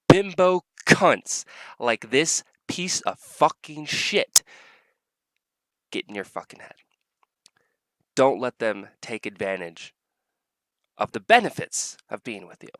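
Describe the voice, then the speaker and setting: A man's voice: medium pitch, bright, forceful tone, no room sound. Profane, angry man ranting. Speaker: vlogger. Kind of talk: reaction rant.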